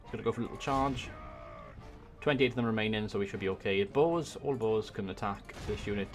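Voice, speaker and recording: A man from Wales with a Welsh accent, giving excitable let's-play commentary on a strategy game into a desk microphone, swearing and muttering to himself as he plays. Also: lowish voice, brisk, over music. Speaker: gaming YouTuber. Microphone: desk USB microphone.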